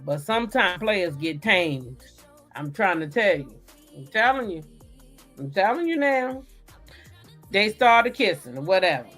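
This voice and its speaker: Sassy woman recapping a soap. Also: lowish voice. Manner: sassy, animated storytelling with acted quotes. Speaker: soap opera recap host. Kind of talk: casual chat recap.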